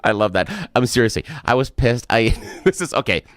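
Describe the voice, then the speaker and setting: A man's voice: mid-range voice, fairly quick, fairly bright tone, no room sound, clean studio sound. A man co-hosting an opinionated talk radio show, talking emphatically with an exasperated, blunt edge. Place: radio studio.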